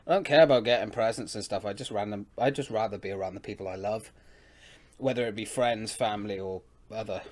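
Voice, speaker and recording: A man's voice: lowish voice, fast, a little mellow. A man co-hosting a podcast, chatting casually and swearing freely. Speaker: podcast co-host. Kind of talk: casual chat.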